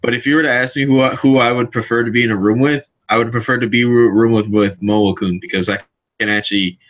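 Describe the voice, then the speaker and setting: A man co-hosting a casual podcast, halting and repeating words as he talks. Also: medium pitch, steady tone, a bit bright, muffled recording. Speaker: podcast co-host. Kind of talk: casual drunk podcast chat.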